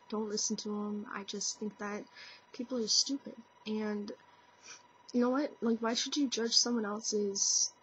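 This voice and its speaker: A woman's voice: on the high side, slight background noise. A young woman talking earnestly into her camera in a casual opinion vlog, full of "like" and "you know". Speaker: vlogger. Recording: dull lo-fi webcam audio.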